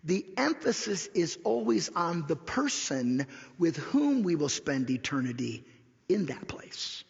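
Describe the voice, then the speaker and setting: A man preaching a sermon as pastor, repeating key lines slowly and dropping to a whisper for emphasis. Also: on the high side, big pitch swings, vocal fry, breathy edge. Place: church sanctuary. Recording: dull lo-fi recording in a reverberant church hall.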